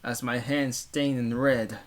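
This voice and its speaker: A man's voice: medium pitch, fairly even intonation, slow pace. A man reading a visual novel aloud for a let's play, stumbling over words and breaking off for wry, offhand comments.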